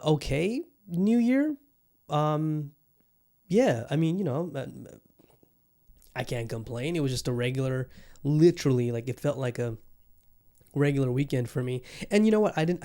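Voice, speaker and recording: A young adult man hosts a solo podcast, chatting casually in a warm, mid-range voice. His talk rambles, packed with fillers and restarts.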